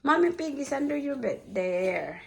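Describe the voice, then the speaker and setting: A woman's voice: high voice, sing-song, normal speed, vocal fry. A mother reading a picture book aloud to her toddler, playful and repetitive, often stopping to ask the child about animal sounds.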